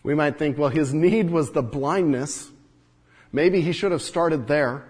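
A man with a fairly high voice preaches an earnest sermon. His loudness swells and drops, and he acts out the lines he quotes. The sound rings with a long reverb, as in a big hall. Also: measured pace, breathy edge. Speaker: pastor.

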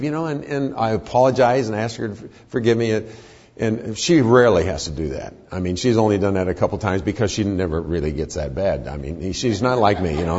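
An older man speaking as a guest in church, a folksy storyteller who jokes between serious points, with a husky voice. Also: on the low side, lively intonation, quick pace, darkish tone. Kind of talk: church talk with humor. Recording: muffled church hall reverb.

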